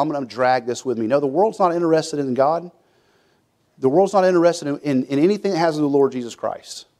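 A man preaching a sermon in a folksy, conversational way. His voice sits a little higher than most men's. He often restarts his sentences and acts out the voices in his stories. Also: mellow. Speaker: pastor.

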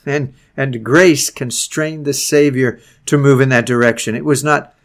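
A man reading an old sermon aloud, preaching earnestly with slow, stretched phrases that sink to a hush at the ends. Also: mid-range voice, steady tone. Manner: drops to a hushed, soft voice at phrase ends. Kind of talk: read-aloud Victorian sermon.

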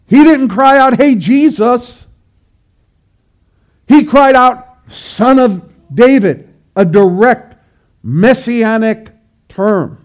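A man preaching from the pulpit in a high voice, taking his time with each phrase. He presses his points with emphatic repetition and swells into loud, pleading cries. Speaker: pastor. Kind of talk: sermon.

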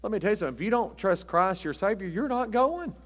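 A man's voice: high voice, expressive, fast talker. A middle-aged man preaching a Baptist sermon in a folksy, emphatic way, with punchy short lines.

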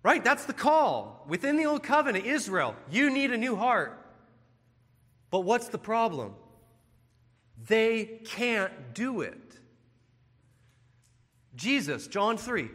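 A male preacher delivers an earnest, emphatic sermon with a lively, swooping pitch. His voice sits high and bright. It hangs in the long reverb of a church hall. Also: takes it slowly, slightly rough.

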